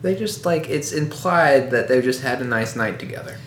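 A man's voice: medium pitch, animated, normal speed. A man in casual chat, playful and joking, arguing for his version of things. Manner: jokey, laughs easily, argues his version. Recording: echoey room, faint background noise.

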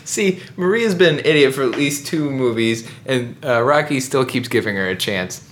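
A man co-hosting a podcast, rambling through an animated, joking recap of a movie. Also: mid-range voice, normal speed, a little hiss or hum. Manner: rambling, animated storytelling with laughs. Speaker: podcast co-host. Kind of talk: casual comedic chat recapping a movie.

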